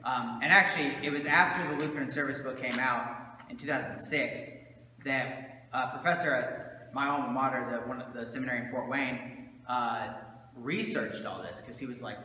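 Recorded in a church sanctuary with a long, roomy echo and a little hiss or hum, a Southern American pastor speaks at normal speed. His mid-range voice is pushed and bright as he teaches his congregation conversationally, with many fillers and asides.

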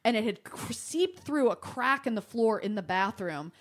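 With a slightly high voice at normal speed, a young adult woman from Michigan, USA, tells a comic story as a podcast guest. The chat is casual, and she swears freely while being animated and over-the-top.

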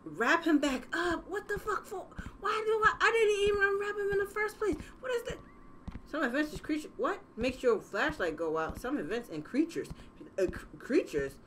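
A young woman playing a horror game and reacting out loud, profane and jokey as she goes. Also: high-pitched, big pitch swings, moderate pace, slight background noise. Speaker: gaming channel host.

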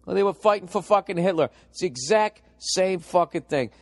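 Profane ranting man, higher voice. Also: brisk, dry recording. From United States. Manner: profane, ranting, animated storytelling. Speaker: podcast host. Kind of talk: comic podcast monologue.

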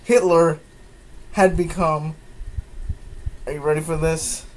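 A man's voice: on the high side, fairly even intonation, unhurried, poor audio. A man giving a mocking dramatic reading of fan fiction, breaking off with incredulous asides. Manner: incredulous asides, sighs and laughs. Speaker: comedic fan-fiction reader.

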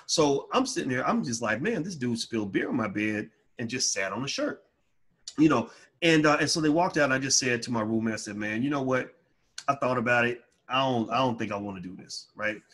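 Husky man telling an emphatic personal story. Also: expressive, fairly quick. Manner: emphatic, rises loud and high when heated. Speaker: financial educator.

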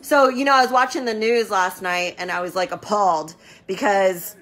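Woman business owner, casual live chat, bright tense tone, repeats herself for emphasis. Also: mid-range voice, moderate pace. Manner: chatty, rambling, repeats words for emphasis. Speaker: medical business owner hosting a live stream. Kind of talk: casual live-stream talk.

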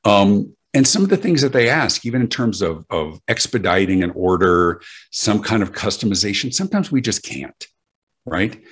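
Low husky-voiced man. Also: very animated, normal speed. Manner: emphatic, anecdotal, repeats words as he restarts. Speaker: guest speaker on customer service. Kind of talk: conversational interview answers.

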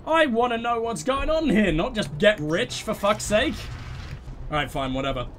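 Excitable high-voiced gamer man. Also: normal speed. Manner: excitable, swearing, talking to teammates. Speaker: let's play host. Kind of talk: gameplay commentary.

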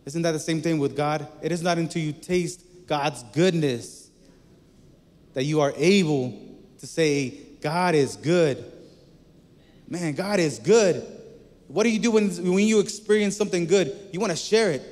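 Male preacher, slightly high voice, chatty storytelling sermon, echoey hall. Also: moderate pace, darkish tone.

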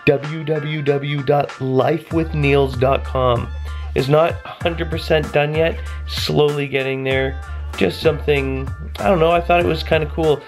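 A man's voice: on the high side, fairly even intonation, unhurried, faint music behind. A tired man from Canada, chatting casually and rambling a little as he hosts his family vlog. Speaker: family vlogger.

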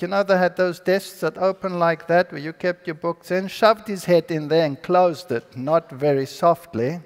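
A man's voice: a little high, a little mellow. A man giving a storytelling sermon about his own life to an audience, acting out the people in his story. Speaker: speaker giving a personal testimony. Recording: long hall reverb.

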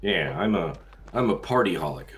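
A man's voice: sits low, animated, moderate pace. A young adult man streaming live, chatting casually with crude jokes and frequent laughter. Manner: crude, joking, laughs often.

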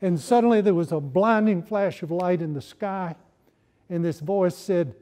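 Guy giving a history lecture on campus, high mellow voice, joking storyteller. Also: moderate pace. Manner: humorous storytelling, wry asides.

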